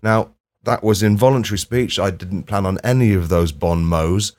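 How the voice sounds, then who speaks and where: A low-voiced man talks through a comic podcast monologue in a dry, self-deprecating way. He swears freely and breaks into sudden loud outbursts. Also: moderate pace. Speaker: podcast host. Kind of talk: comedic monologue.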